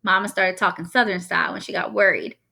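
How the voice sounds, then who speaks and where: A woman reading a novel aloud in a lively, wry first-person voice. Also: on the low side, fast, vocal fry, slightly rough. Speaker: reader.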